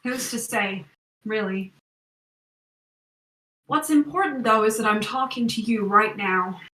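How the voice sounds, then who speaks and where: A woman's voice: fairly high pitch, measured pace, sharp tone, reverberant, recorded from a distance, poor audio. Woman doing a smug tempting villain. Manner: smooth, persuasive, condescending. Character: scheming male wizard villain tempting a hero.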